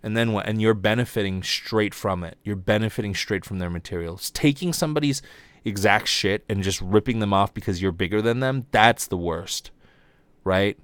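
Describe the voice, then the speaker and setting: A young man hosting a comedy podcast, ranting casually and profanely, his voice jumping high when he gets exasperated. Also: moderate pace, smooth, no echo.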